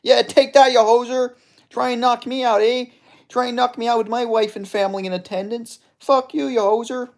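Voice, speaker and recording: A man's voice: extremely high pitch, fairly even intonation, normal speed, voice pushed up. A man voicing a brash, trash-talking Canadian fighter with a put-on Alberta accent, taunting and tacking 'eh' onto his lines. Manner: taunting, shouty, ends lines with 'eh' and 'hoser'.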